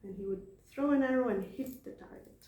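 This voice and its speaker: A woman's voice: a little high, fairly quick, a little mellow, roomy sound. A woman casually retelling scripture stories in a chatty way, laughing often. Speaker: devotee telling scripture stories. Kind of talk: casual storytelling talk.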